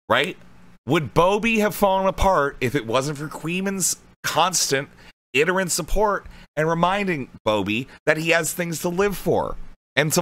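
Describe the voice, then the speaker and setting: A man's voice: medium pitch, pushed and bright. A man streaming live, chatting casually to his viewers with loose, profane commentary. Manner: loose, profane, addresses chat directly.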